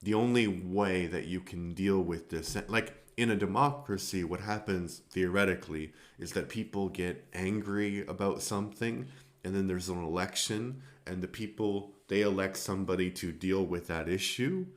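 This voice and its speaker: A man's voice: low voice, moderate pace. A man hosting a film review podcast, talking casually and rambling, with many fillers and restarts.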